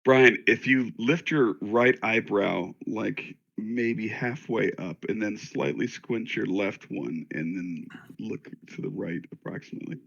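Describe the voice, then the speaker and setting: Gravelly low man on a dull mic. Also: unhurried, a bit bright, no echo. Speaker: player. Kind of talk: casual tabletop game chat.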